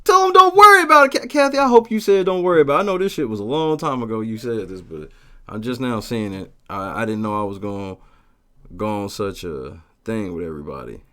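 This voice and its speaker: A man hosting a casual livestream, talking profanely and telling stories with lively shouted bits as he reads the chat. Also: fairly low pitch, a little fast. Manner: profane, animated storytelling with shouted quotes. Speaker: livestream host reading chat.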